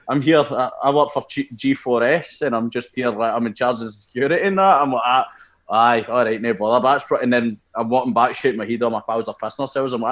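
A young man with a Scottish accent, co-hosting a casual podcast and telling animated football anecdotes, laughing as he goes. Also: mid-range voice. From Scotland. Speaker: podcast co-host. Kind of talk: casual storytelling chat.

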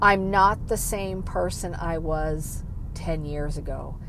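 A woman talks slowly in a candid, self-critical monologue, cursing freely and sometimes sinking to a near whisper. Her voice sits a little low. The recording was made outdoors, with clear traffic noise behind her.

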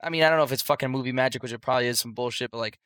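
Quick bright-voiced man reacting. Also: mid-range voice, smooth, no echo, clean studio sound. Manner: quick, reactive, swears casually. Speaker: podcast co-host. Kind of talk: casual chat.

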